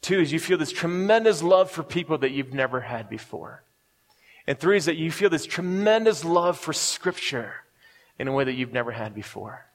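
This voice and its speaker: A man's voice: fairly high pitch, expressive, moderate pace. Man preaching in an echoing hall. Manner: personal storytelling with many restarts and fillers. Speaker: pastor. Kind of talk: sermon. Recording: long reverb of a large hall.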